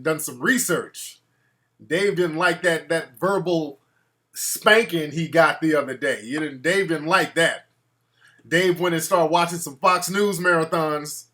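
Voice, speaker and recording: A man's voice: fairly high pitch, sharp tone. A man hosting a casual call-in show, talking in a brash, profane way and reacting to his live chat. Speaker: talk show host.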